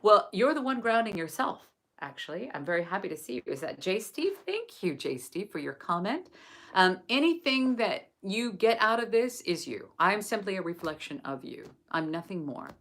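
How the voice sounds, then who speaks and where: A woman from England reading a sacred text aloud and then chatting gently and effusively with viewers on a live stream. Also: mid-range voice, very animated, moderate pace. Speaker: host of a live book study.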